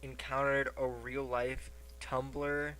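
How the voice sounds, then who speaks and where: A man hosting a casual podcast, telling a story in an animated way and swearing casually. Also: medium pitch, slow pace, clear, resonant tone. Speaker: podcast host.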